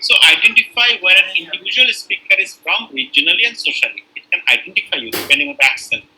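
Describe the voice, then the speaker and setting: A man's voice: high-pitched, animated, quick pace, pushed and bright, slight background noise, low-quality recording. A middle-aged man giving an online lecture, explaining step by step with many fillers and restarts.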